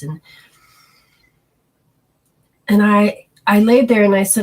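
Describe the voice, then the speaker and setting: A woman's voice: mid-range voice, moderate pace, pauses often, a little mellow. A woman giving an earnest spiritual healing talk, telling personal stories and acting out inner voices in quotes.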